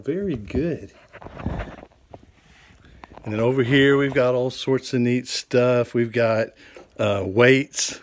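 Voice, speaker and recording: A man's voice: mid-range voice, a little slow, long pauses. An older man teaching a children's class, talking cheerfully to kids and cracking corny jokes from his home office. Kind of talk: children's show talk.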